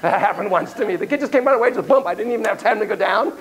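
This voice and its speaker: A man's voice: sits high, rapid-fire. A man teaching a class on child psychotherapy, emphatic and playful, with frequent asides. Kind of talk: classroom lecture.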